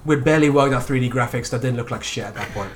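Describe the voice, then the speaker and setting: A man's voice: medium pitch, fast talker, soft background music. A man co-hosting a casual podcast, enthusiastically explaining history and strategy games at length, with the odd swear word. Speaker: podcast co-host.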